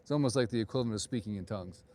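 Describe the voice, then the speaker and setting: Middle-aged guy rambling thru a night walking tour on his phone, kinda low voice, bit of street hiss. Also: racing, mellow. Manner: rambling, digressive, chatty asides. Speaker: realtor hosting a walking tour. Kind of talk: live walking-tour vlog. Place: outdoors on a town street at night.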